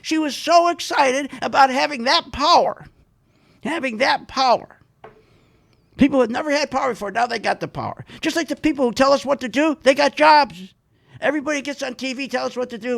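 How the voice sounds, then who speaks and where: A man's voice: very high voice, normal speed, vocal fry, a bit bright. A man hosting a talk radio show, delivering an emphatic monologue and acting out the people he quotes.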